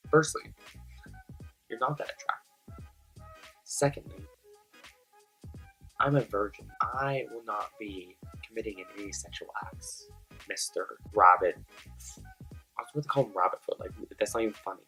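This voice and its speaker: A man's voice: on the low side, moderate pace, long pauses, soft background music, poor audio. Chatty young man telling a story. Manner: animated storytelling, heavy "like" filler. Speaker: vlogger. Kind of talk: casual storytime.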